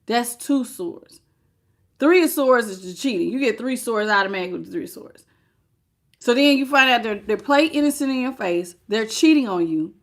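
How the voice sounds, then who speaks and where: Woman reading tarot live, pretty high voice, gets emotional. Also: normal speed. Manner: emotional, expressive, greets live chat. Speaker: tarot reader.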